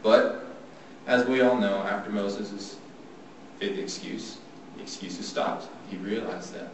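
A man giving a devotional Bible talk, plain and earnest, slowing down when he reads scripture. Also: fairly low pitch. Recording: echoey room from far off, faint noise.

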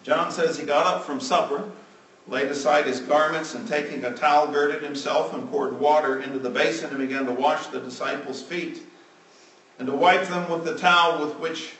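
A man's voice: fairly high pitch, far from the mic. Man preaching in a roomy hall. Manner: dramatic swings from loud emphasis to hushed endings. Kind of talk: sermon. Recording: roomy, from off the mic.

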